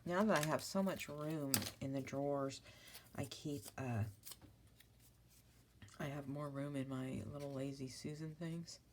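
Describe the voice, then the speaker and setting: A woman's voice: low-pitched, steady tone, a little slow, long pauses, noisy background. A middle-aged woman chatting through a crafting vlog, rambling and apologizing with self-mocking asides. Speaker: papercraft vlogger. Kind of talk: casual crafting vlog chat.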